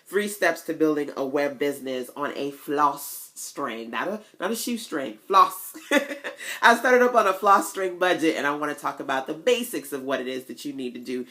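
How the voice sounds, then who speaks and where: A woman talking straight to her viewers in a casual motivational vlog, lively and chatty. Her usual voice sits slightly low, but she leaps way up when she gets excited, and she drops in folksy asides along the way. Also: moderate pace. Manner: chatty, animated storytelling with big pitch jumps. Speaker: online business coach.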